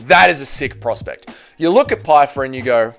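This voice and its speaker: Male vlogger, lively swinging delivery, faint music underneath, casual profane recap. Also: medium pitch, normal speed, gravelly. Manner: blunt, profane, animated ranting. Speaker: MMA commentary channel host. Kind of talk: casual opinionated fight recap.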